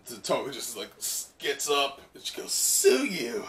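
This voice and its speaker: A man's voice: mid-range voice, normal speed, bright, forceful tone, recorded from a distance. A man hosting a casual live reaction to a comic, rambling with lots of fillers and chuckles. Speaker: manga reaction host.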